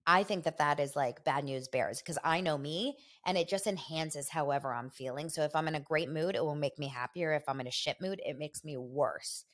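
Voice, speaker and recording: A woman's voice: deep voice, a little fast, hardly any pauses. Chatty, opinionated woman podcast host. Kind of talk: casual gossip chat.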